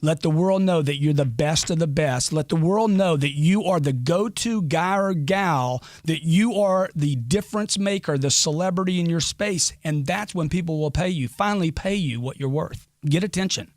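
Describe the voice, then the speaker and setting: A middle-aged man giving a brash, emphatic, crude motivational talk as an interview guest. His voice sits a bit high. The sound is close and dry. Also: normal speed, few pauses, dry recording. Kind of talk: podcast interview.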